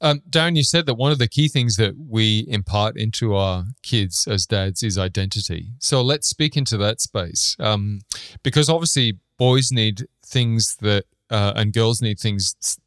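Male podcast host, lowish voice, dry recording, thoughtful questions. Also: normal speed, fairly bright tone, dry recording. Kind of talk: interview questions.

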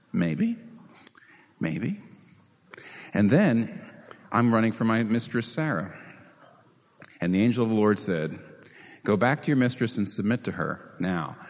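Lively preaching man in an echoing hall. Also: mid-range voice. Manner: animated preaching with rhetorical questions. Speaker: pastor. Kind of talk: sermon. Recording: reverberant hall.

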